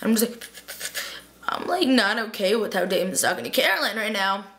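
A woman's voice: medium pitch, lively intonation, fairly quick, gravelly, fairly bright tone. A young woman chatting through a TV episode recap late at night, gushing and tired, filling her talk with "like" and paraphrased quotes. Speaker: vlogger reviewing a TV episode.

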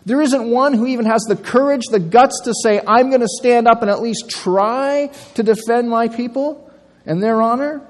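A preacher voicing an arrogant giant warrior who shouts taunts at his enemies. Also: extremely high pitch, moderate pace, pitched above the performer's own voice. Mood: taunting. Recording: long church reverb.

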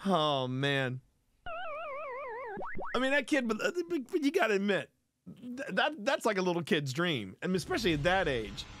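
Animated, rambling male streamer. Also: high voice, moderate pace, slight background noise. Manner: animated, rambling, frequent laughs and restarts. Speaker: streamer host reading weird news. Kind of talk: casual commentary.

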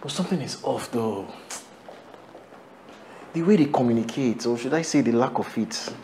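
A Nigerian-accented husband talks over his worries in a loose, confiding way, as a man acts him out. His voice sits at a middle pitch, with faint noise behind it. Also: normal speed, dark tone, lightly acted. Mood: uneasy. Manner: uneasy, confiding, colloquial.

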